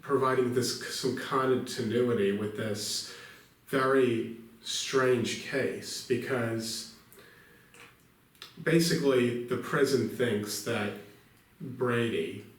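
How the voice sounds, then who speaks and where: A man co-hosting a podcast, explaining a film in a measured, thoughtful way. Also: medium pitch, heavy reverb, distant mic. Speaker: podcast co-host. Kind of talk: casual film review chat.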